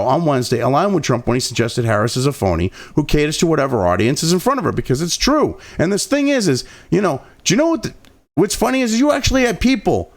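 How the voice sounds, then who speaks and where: A high-pitched man with a gravelly edge to his voice and wild swings in pitch. He reads news copy aloud, trips over words and restarts, then breaks off into foul-mouthed, mocking rants. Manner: profane and mocking, with frequent outbursts; stumbles and restarts while reading aloud. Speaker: political commentary host. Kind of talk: ranting commentary over a read-aloud article.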